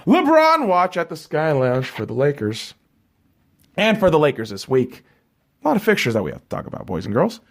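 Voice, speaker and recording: A man hosts a sports podcast in a loose, profane rant. His pitch swings widely, jumping high when worked up and sinking low and flat as he reads off scores. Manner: heated, swearing constantly, drops low and flat reading scores. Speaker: podcast host.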